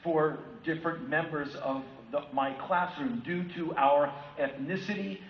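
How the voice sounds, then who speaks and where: A man in his fifties from the United States giving a keynote talk, telling personal stories in an animated way and acting out other people's voices. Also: fairly high pitch, measured pace. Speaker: keynote speaker. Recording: echoey hall from far off, dull lo-fi sound with faint ambience.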